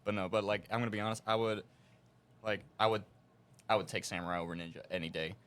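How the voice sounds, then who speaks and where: A man's voice: on the low side, steady tone, fast, fairly bright tone. A man co-hosting a podcast, easygoing and adding joking asides. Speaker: podcast co-host. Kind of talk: casual chat.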